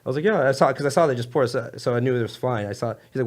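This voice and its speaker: A man's voice: mid-range voice, lively intonation, fast talker. A young man telling a rambling story in casual podcast chat, laughing often and jumping between tangents. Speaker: comedian guest.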